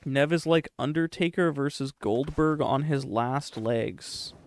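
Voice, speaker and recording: A man's voice: medium pitch, measured pace. A young man streaming a game, chatting casually with his chat in a sarcastic, profane, rambling way.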